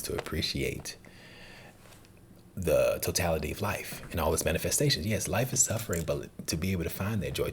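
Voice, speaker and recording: A man's voice: rumbling low, vocal fry, slight background noise. A man talking casually and earnestly as a movie reaction host, rambling and calling the listener dude and man.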